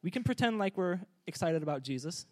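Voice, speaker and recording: Man, preacher, sermon, high voice, energetic, playful, calls for responses. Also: fairly quick. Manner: energetic, joking, urging the congregation to respond.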